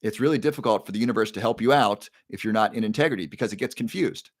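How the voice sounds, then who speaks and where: A man's voice: on the low side, quick pace, no room sound, clean studio sound. A man hosting a casual livestream, telling a story in a chatty way and repeating key phrases. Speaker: livestream host.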